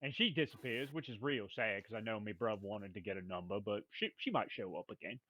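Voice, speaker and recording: A man's voice: fairly low pitch, a little fast, pushed and bright, highs cut off. Rowdy man recapping a tabletop game. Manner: playful rough-talking brute drawl, "me brother", "we was". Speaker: player recapping the session.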